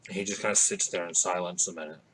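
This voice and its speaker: A man's voice: low-pitched, steady tone, fast, noisy background. A man narrating as game master of a tabletop game, rambling and hesitant, with many fillers.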